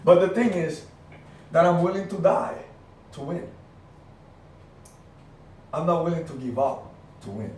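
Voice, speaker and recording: A middle-aged man giving an energetic, emphatic motivational talk to his team, telling stories with punchy repetitions. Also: a little high, a little slow, long pauses. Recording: very echoey room, far from the mic, faint noise.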